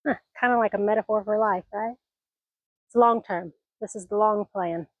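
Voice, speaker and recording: A woman's voice: mid-range voice, moderate pace, dry recording, phone-quality sound. Chatty retired woman with a scratchy voice. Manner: chatty, rambling, folksy asides. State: scratchy voice from allergies. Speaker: vlogger. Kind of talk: casual vlog chat. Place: outdoors on a mountain homestead porch and garden. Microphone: phone camera.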